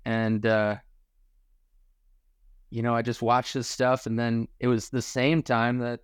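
A relaxed man in his forties, raised in Michigan, recalls his past in an easy, rambling way, dropping casual swears and calling people dude. His voice is smooth and clean, and the sound is dry and close. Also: mid-range voice, takes it slowly, no room sound. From Michigan, USA. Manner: laid-back, swears casually, says dude and bro. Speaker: podcast guest, skier. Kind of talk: casual storytelling chat.

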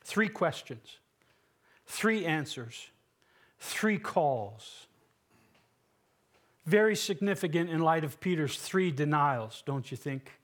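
A man preaching a sermon as pastor, earnest and emphatic, asking rhetorical questions and dropping low and soft for solemn passages. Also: expressive, takes it slowly, pauses often.

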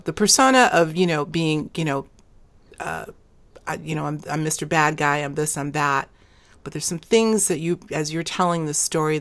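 Low-voiced female interviewer. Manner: probing, thinks aloud.

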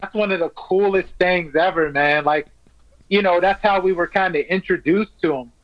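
A male stand-up comic with a high voice guests on a casual podcast, laid-back yet enthusiastic, sprinkling his talk with "man" and "like" at a normal speed. The recording is dry and sounds like a dull line.

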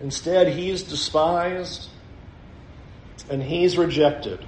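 A man's voice: fairly high pitch, slight background noise. A man preaching a sermon in a church, emphatic and vivid, repeating his points for weight. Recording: roomy echo.

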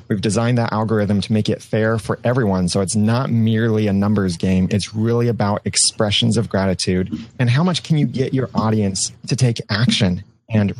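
Low-voiced man explaining steadily, dry sound. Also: darkish tone, no room sound, rough recording. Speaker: podcast co-host and award sponsor. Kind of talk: casual podcast chat.

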